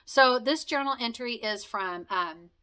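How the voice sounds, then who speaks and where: A woman in her forties reminiscing casually and emotionally to camera, talking fast and stumbling over her words. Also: fairly high pitch, bright, forceful tone, clean tone. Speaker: vlogger thanking friends.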